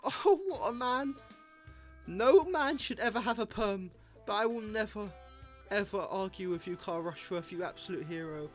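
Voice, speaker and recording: A gaming YouTuber, a young man, commentates a football video game in a jokey, excitable way at a moderate pace. His voice sits high and jumps even higher whenever something surprises him, with faint music playing underneath.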